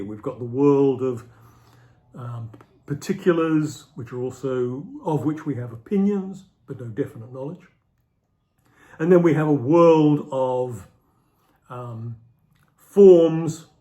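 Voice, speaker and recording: A man's voice: a little high, darkish tone. A middle-aged man giving an unscripted explanatory lecture, thinking aloud and repeating key phrases for emphasis. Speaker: philosophy lecturer.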